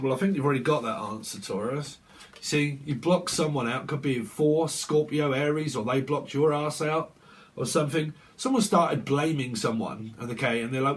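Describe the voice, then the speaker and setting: A man's voice: medium pitch, moderate pace, a little hiss or hum. A young man giving a casual tarot reading, swearing, laughing often and acting out the voices he quotes. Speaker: tarot reader. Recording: voice a bit far from the mic.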